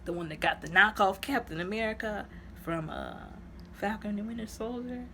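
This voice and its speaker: A woman's voice: mid-range voice, normal speed, a bit bright, slight background noise. A woman casually recapping a movie in a chatty, rambling way, dropping to dramatic whispers when she acts out lines. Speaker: movie reviewer.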